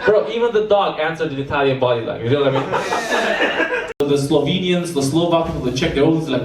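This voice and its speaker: A man doing stand-up crowd work and storytelling, animated and laughing along with the audience. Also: on the high side, fast. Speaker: stand-up comedian. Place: comedy venue with live audience. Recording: echoey room from a distance, loud crowd laughter.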